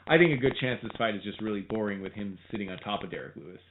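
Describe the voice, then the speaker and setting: A man co-hosting a casual sports podcast, talking in a rambling, animated way and often restarting his sentences. His voice comes through a tinny, phone-like line with a faint hiss underneath. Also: on the low side, racing. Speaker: podcast co-host.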